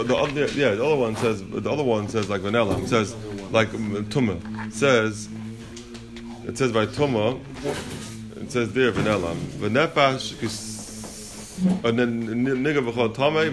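A man teaching a Talmud study class, reasoning aloud and asking questions, mixing Hebrew and Yiddish terms into his English. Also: medium pitch.

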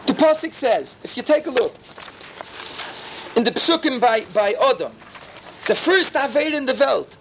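A man giving a sermon as a rabbi to his students, animated and acting out biblical dialogue while peppering his English with Yiddish and Hebrew terms. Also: very high voice, slight background noise. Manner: animated, acts out biblical dialogue in character voices.

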